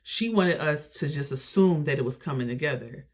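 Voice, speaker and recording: A young adult vlogger telling a family story in a casual, animated way. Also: medium pitch, normal speed. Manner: animated, conversational retelling.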